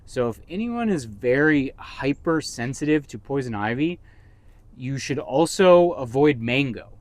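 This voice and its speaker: A man's voice: medium pitch, lively intonation, unhurried, dry recording. A man co-hosting a casual podcast, rambling and joking with mock-dramatic outbursts. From Massachusetts. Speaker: podcast co-host. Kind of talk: casual chat.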